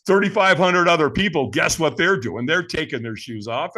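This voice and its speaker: A man guesting on a podcast, telling a personal story in a lively, dramatic way and laughing as he goes, with a casual manner. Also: a little high, normal speed. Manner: casual, addresses the host as man and brother.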